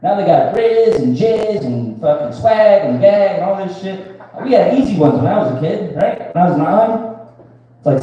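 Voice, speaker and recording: A man's voice: high-pitched, animated, normal speed, mellow. A man in his thirties doing a live stand-up set, crude and rambling, often asking the crowd "right?". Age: 30s. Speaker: stand-up comedian. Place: live comedy venue with a crowd. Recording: echoey room picked up from far off.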